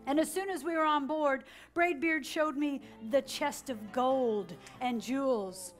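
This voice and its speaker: A woman reads a picture book aloud at a children's story time, slow and high-pitched. She keeps it animated and gets the kids to repeat lines after her. Faint music sits behind her voice. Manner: animated, drawing children into call-and-response.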